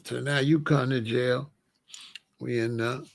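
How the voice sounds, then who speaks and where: A man's voice: mid-range voice, unhurried, creaky. A man giving casual, slangy commentary, often acting out the people he talks about. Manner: animated, slangy, acts out quoted voices.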